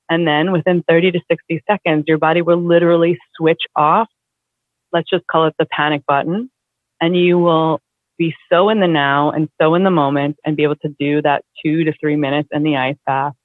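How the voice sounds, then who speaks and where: A woman guest in a casual conversation, talking in an animated, chatty way with lots of fillers. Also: low voice, dry recording. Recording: dry, tinny phone-like line.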